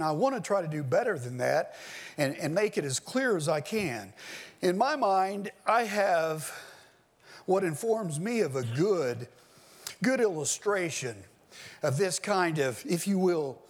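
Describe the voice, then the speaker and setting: A man preaching an expository sermon, explaining a text in an emphatic teaching manner and sometimes raising his voice for stress. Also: high-pitched.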